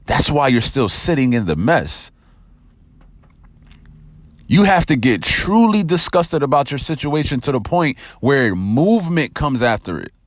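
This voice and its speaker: A man's voice: mid-range voice, sing-song, unhurried, no room sound. A man hosting a motivational podcast, talking directly and energetically to his listeners and telling a story to make his point.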